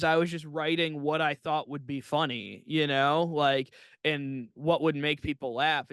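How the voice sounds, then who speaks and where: A man with a bright, forceful, slightly high voice, chatting casually as a comedian co-hosting a podcast. His tone is smooth and crisp and the sound is dry and close. He keeps breaking into giggles as he talks. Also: no room sound. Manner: giggly, laughs often mid-sentence. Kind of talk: casual chat.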